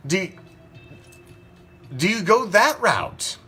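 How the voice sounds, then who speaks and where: Male sports podcast host, higher voice, profane, peppers rhetorical questions. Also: very animated, drawn-out words, bright, forceful tone, slightly rough, soft background music. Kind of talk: opinionated sports talk.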